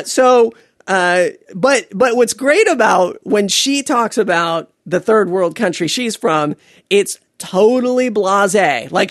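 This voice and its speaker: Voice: mid-range voice, dry recording, studio quality. A podcast host telling a rambling comedic story, digressing into jokes and asides with plenty of fillers.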